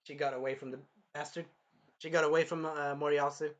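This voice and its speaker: A man casually reviewing an anime episode, animated and swearing freely as he acts out the characters' lines. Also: on the high side, fairly quick, highs cut off.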